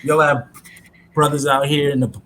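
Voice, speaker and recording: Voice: medium pitch, little pitch movement, moderate pace, crowd noise. Podcast co-host, supportive, mid-range voice. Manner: affirming, chiming in with short agreement. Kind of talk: casual podcast chat.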